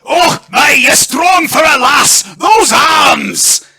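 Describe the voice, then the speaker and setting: A man voicing a blustering, hearty lord with a Scottish accent, loud and jovial. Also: takes it slowly, gravelly, no room sound, heavily acted. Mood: booming. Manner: booming, jovial, shouting.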